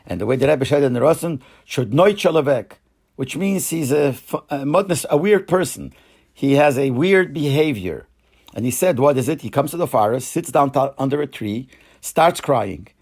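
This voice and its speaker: An older man, a rabbi, retelling a Hasidic story in an unhurried way, often searching for words and restarting phrases. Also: mid-range voice, expressive, darkish tone. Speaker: rabbi sharing memories.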